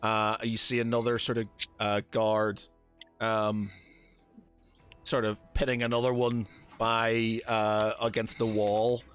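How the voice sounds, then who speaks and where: A man's voice: lowish voice, level tone, takes it slowly, a bit bright, clean tone, faint music behind. A man narrating a tabletop game as game master, hesitant with many fillers and restarts.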